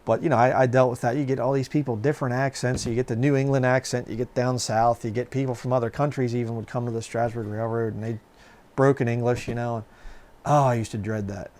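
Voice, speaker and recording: A man's voice: mid-range voice, steady tone, quick pace, a little mellow. A middle-aged man telling stories from his past in a casual, rambling way, with many fillers and restarts. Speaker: channel host. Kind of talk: casual personal storytelling.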